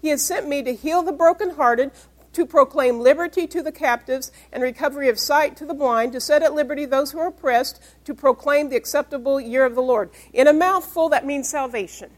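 A woman with a high voice preaches in an emphatic style. She reads scripture verse by verse and stops to ask the congregation questions. Her talk has the firm cadence of a pastor teaching her church. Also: a little fast. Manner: emphatic, call-and-response questions. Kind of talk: sermon.

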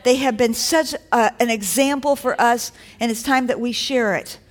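A woman's voice: on the high side, moderate pace. A woman preaching a sermon to a congregation in a church, in a conversational, encouraging way that builds to rising exhortations.

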